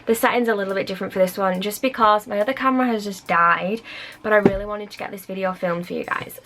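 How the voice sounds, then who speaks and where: A chatty woman vlogging an unboxing in a rambling, excitable way, slightly out of breath. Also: mid-range voice, fast talker, background noise. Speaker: beauty vlogger. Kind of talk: casual unboxing chat.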